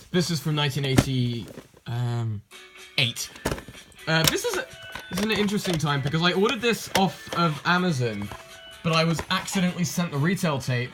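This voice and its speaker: A man's voice: a little high, normal speed. A young man from England casually showing off his tape collection, rambling and correcting himself with dry asides. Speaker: video collector host. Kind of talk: casual show-and-tell. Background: music.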